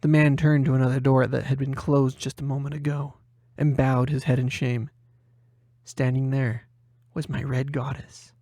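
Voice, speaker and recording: A man narrating a first-person horror short story in a measured, dramatic way, softening his voice for inner thoughts. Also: medium pitch, no echo, studio quality.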